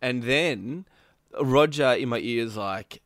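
A man's voice: medium pitch, slow pace, a bit bright, no echo, studio quality. A man casually retelling a gaming roleplay story, rambling and laughing often. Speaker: gamer recounting a roleplay session.

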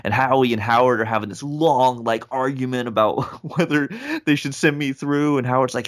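A man's voice: mid-range voice, normal speed. A young man, a rapper, telling a story in a casual interview and acting out the people in it. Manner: animated, acts out quoted voices. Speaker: guest, rapper and speaker.

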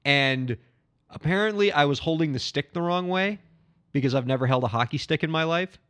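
A man's voice: on the high side, fairly quick, a bit bright, smooth. A man co-hosting a podcast in casual chat, easygoing and laughing readily at his own mishaps. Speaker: podcast co-host.

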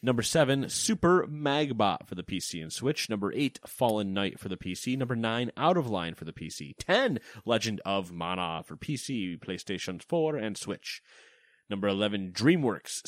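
A man's voice: on the low side, moderate pace, no room sound, studio quality. A man co-hosting a casual gaming news podcast, joking around and reading game lists with playful emphasis. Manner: lively, jokey, reads lists with playful emphasis. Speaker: podcast co-host.

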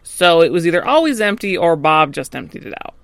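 A woman co-hosting a podcast, relaxed and agreeable, recapping a TV episode. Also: fairly low pitch, fairly quick, dry recording. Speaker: podcast co-host. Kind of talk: casual chat, episode recap.

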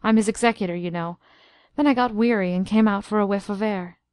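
A woman's voice: mid-range voice, brisk, a little mellow, smooth, no echo, lightly acted. A woman reading an earnest young male scientist. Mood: casual.

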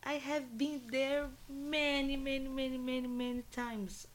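A young woman from Brazil talks in English in an unhurried, easygoing way, with her Brazilian Portuguese accent plain in every word. She stops often to search for the right word and laughs easily as she goes. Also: sits high, level tone. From northern Brazil. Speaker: guest. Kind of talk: casual conversation in English as a learner.

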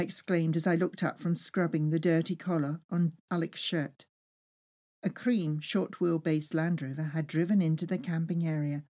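A woman reading her own travel memoir aloud with lively, expressive storytelling. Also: sits low, moderate pace. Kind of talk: first-person memoir reading.

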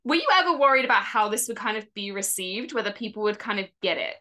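A woman's voice: medium pitch, lively intonation, fast, sharp tone. A woman with an English accent hosting a podcast, gushing and enthusiastic in casual chat. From England. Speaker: podcast host.

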